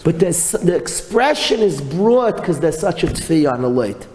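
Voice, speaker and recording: A man teaching a Torah class as a rabbi, telling stories in an animated way and mixing in Hebrew and Yiddish terms. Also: a little high, moderate pace. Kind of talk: storytelling Torah lecture. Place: yeshiva hall. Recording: reverberant hall with faint noise.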